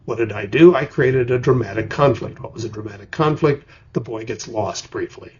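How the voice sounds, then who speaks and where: A man's voice: mid-range voice, normal speed, a little mellow, breathy edge. An older man teaching screenwriting in an explanatory lecture, acting out vivid examples as he goes. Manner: vivid storyteller, acts out examples. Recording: dull lo-fi recording.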